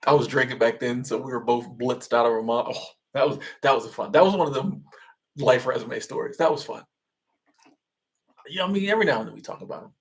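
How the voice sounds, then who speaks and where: A man's voice: medium pitch, fairly quick. Rambling, easygoing man chatting. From Florida. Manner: rambling, loose and chatty with frequent restarts. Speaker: livestream host answering chat. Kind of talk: casual livestream chat.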